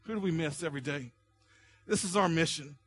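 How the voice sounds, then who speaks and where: A man preaching a sermon as pastor, building to loud, impassioned pleas and easing back to a calmer teaching tone. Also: a little high, fairly quick, breathy edge.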